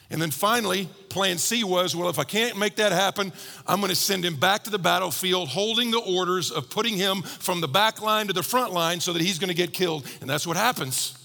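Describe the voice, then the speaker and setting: A man preaching a sermon, telling a story with lively quoted voices and shifting from bold to hushed. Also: high voice, vocal fry, big-room sound. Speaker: pastor.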